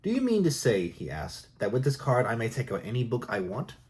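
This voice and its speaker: A man reading jokes aloud in a soft, unhurried ASMR style. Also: mid-range voice, huge pitch swings. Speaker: joke reader.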